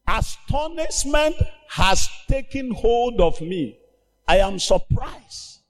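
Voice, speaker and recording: A man preaching a sermon as pastor, emphatic and slow, breaking into shouted commands for healing. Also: sits high, sing-song, long reverb tail.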